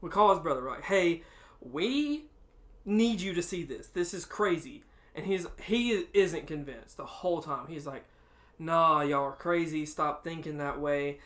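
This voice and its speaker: A man co-hosting a podcast, telling a story in casual chat, laughing often and acting out quotes loudly. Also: a little high, expressive, measured pace. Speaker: podcast co-host.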